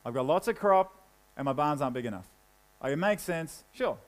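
A young man preaching a sermon in a casual, conversational way, dropping low and quiet when he reads scripture. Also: expressive, brisk, low-quality recording. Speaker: pastor.

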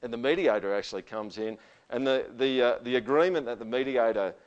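A middle-aged Australian man preaching a sermon. He talks in a relaxed, anecdotal way, full of asides and quick remarks to the congregation. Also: mid-range voice, highs cut off. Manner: chatty storytelling with asides and laughs. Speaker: pastor.

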